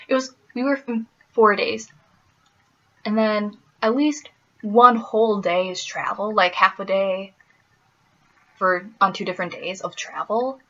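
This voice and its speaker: A woman's voice: on the high side, lo-fi sound. Chatty young woman from Wisconsin. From Wisconsin, US Midwest. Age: young adult. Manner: animated, laughing often, playful asides. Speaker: vlogger. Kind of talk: casual storytelling vlog.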